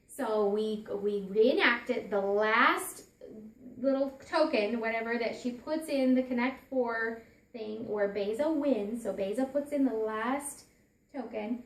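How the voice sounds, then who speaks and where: High-voiced woman telling a story. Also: slow pace, roomy sound. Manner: earnest, restarts and repeats phrases. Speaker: parent giving a talk. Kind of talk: personal storytelling talk.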